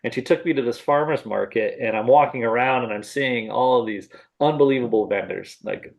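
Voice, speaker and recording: A man's voice: mid-range voice, a little fast, vocal fry. A middle-aged man, a podcast guest, telling his story in a casual interview, often laughing and acting out what he said back then. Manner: animated storyteller who acts out his own remarks, laughs often. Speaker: podcast guest, salami maker.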